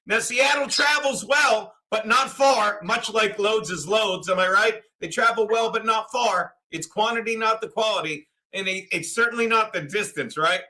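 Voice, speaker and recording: Brief: raunchy fifties stream host, high-pitched and bright, rambling stories. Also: male voice, moderate pace, hardly any pauses. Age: 50s. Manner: crude, rambling, loud storytelling. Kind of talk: casual sports watchalong chat.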